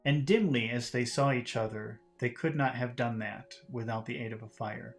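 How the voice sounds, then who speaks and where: A man teaching English, reading a novel aloud and explaining vocabulary in a relaxed way, with many fillers and restarts. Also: medium pitch, moderate pace, faint music behind.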